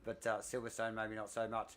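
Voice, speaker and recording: A man, commentating a sim race live, excitable and out of breath, rambling with fillers. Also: lowish voice, fairly quick.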